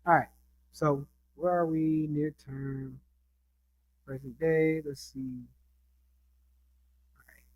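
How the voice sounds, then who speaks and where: Man with a somewhat high voice, casual instructor talking over his screen, chatty and conversational. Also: a little hiss or hum, poor audio. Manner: chatty, keeps asking "right?". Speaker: trading instructor. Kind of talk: casual screen-share lesson.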